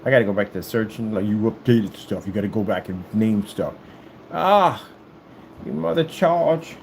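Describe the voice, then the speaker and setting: A man rambling casually to the camera as he works, animated and joking, often jumping into a high falsetto. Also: fairly quick, a little hiss or hum, poor audio. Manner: animated, jumps into high falsetto sing-song and joking voices. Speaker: vlogger. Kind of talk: casual rambling monologue while working.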